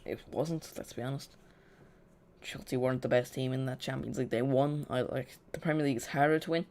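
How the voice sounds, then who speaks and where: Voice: medium pitch, fairly even intonation, fairly quick, darkish tone. A watch-along host giving casual live football chat, rambling and correcting themself, with dry sarcastic asides.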